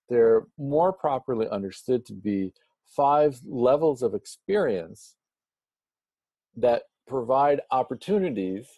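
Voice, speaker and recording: Mellow-voiced man teaching spiritual philosophy. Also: mid-range voice, no echo. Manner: slow, deliberate explanations with playful humor. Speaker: Vedanta teacher. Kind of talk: spiritual lecture explaining Sanskrit terms.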